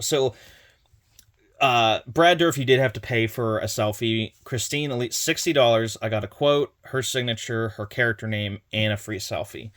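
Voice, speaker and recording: Retelling a convention trip for his collector vlog, a young man quotes the conversations he had, rambling along with restarts and fillers. He has a lowish, slightly bright voice.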